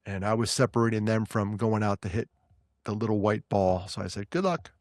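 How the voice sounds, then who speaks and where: A man with a New York accent, co-hosting a podcast and telling stories in casual, animated chat full of quick restarts. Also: on the low side, no room sound, studio quality. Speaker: podcast co-host.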